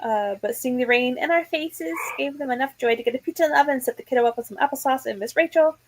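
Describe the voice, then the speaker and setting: A woman's voice: high-pitched, fast, low-quality recording. A woman hosting a casual livestream, chatting and reading viewers' comments aloud in a playful, mock-dramatic way. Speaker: livestream host.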